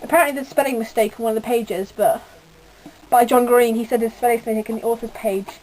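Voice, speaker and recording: A woman's voice: on the high side, steady tone, quick pace, darkish tone, a little hiss or hum, low-quality recording. A teenage girl from the UK giving a rambling, gushing casual book review with lots of fillers. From United Kingdom. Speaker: book vlogger.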